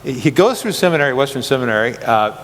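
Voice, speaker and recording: A man leads a chapel interview in a loose, rambling way, restarting phrases and chuckling as he goes. His voice sits at a middling pitch. A long hall reverb and a faint hum surround him. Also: lively intonation, quick pace, a bit bright. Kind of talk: casual interview chat.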